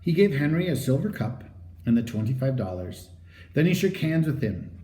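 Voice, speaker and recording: A man reading a children's chapter book aloud as storybook narration, in an animated, expressive read-aloud manner. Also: on the high side, normal speed. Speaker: audiobook reader. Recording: roomy echo.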